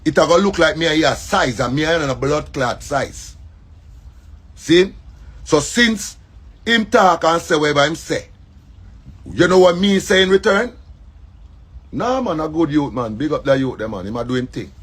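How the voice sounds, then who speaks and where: A man's voice: on the high side, animated, normal speed, pauses often, fairly bright tone, breathy edge. A man with a Jamaican accent, a comedian speaking in an emphatic monologue and repeating his points. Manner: repetitive, emphatic, preachy. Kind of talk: casual monologue.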